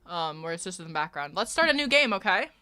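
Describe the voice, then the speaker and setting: Bright-voiced woman streamer chatting. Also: lowish voice, very animated, fast, smooth. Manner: chatty, swears, jokes with chat, sudden shouted outbursts. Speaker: livestreamer. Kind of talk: casual game livestream chat. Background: faint background music.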